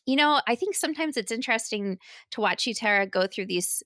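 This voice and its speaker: A woman co-hosting a casual spiritual podcast, congested from a cold, talking slowly and reflectively. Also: a little high, expressive, fairly bright tone, no echo, clean studio sound. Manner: slow and reflective, laughs often. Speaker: podcast co-host.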